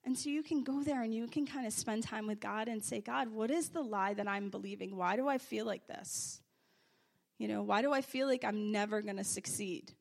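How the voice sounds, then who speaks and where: A woman preaching a sermon, telling stories and testimony, moving from hushed confession to loud praise. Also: fairly high pitch, normal speed, vocal fry. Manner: animated, swings from hushed confession to loud exclamations.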